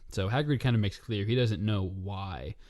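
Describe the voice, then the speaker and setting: A male podcast host in casual book chat, teasing with dry humor and guiding the conversation with questions. His voice sits lower than most, recorded close and dry with no room sound. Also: moderate pace, darkish tone, no room sound.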